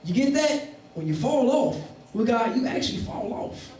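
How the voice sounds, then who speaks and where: A man preaching a sermon as pastor, animated and acting out the people in his stories. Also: very high voice, normal speed, a little hiss or hum. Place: church. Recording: echoey room, mic at a distance.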